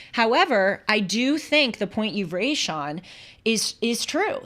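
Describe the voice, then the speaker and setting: A young adult woman hosting a talk show, chatting casually and giving her opinions with quick asides. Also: mid-range voice. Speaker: show host.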